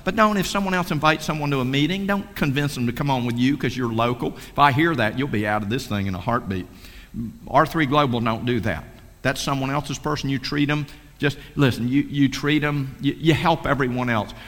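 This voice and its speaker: Man, mid-pitched, preachy folksy sales pitch, long hall reverb. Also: fairly bright tone. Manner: fervent, folksy, repetitive, preachy. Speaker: speaker at a sales meeting. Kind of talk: motivational sales talk.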